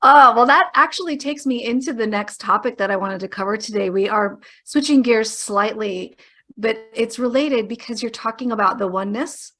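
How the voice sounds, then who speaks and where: A woman's voice: fairly high pitch, normal speed, fairly bright tone, soft background music. A woman hosting a podcast, asking questions in an enthusiastic, playful way. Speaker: podcast host, medium. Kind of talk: casual interview talk.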